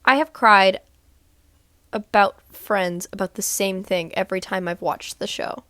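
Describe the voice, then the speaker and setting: A woman's voice: mid-range voice, fairly even intonation, measured pace, a bit bright, dry recording. A woman from Texas talking casually to camera in a rambling vlog recap, full of "like" and "um". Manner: rambling, lots of "like" and "um". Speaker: vlogger.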